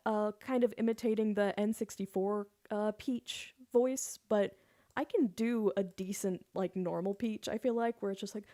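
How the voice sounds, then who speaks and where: A woman's voice: medium pitch, fairly even intonation, normal speed, warm tone, dry recording, clean studio sound. A woman singer chatting casually on her live stream, giggly and loose, swearing now and then.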